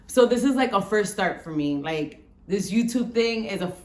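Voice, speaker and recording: A woman in her thirties from the Bronx with a Bronx accent and a rough voice, chatting frankly to camera and swearing freely as she tells a story. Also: mid-range voice, expressive, normal speed, darkish tone, reverberant. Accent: Bronx New York. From the Bronx, New York. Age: 30s. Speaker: vlogger.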